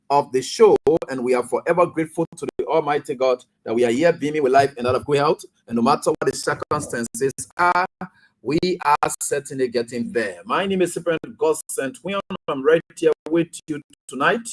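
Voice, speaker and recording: A man's voice: on the high side, low-quality recording. A man with a Liberian English accent hosting a radio talk show, chatting casually, greeting listeners by name and giving moral advice.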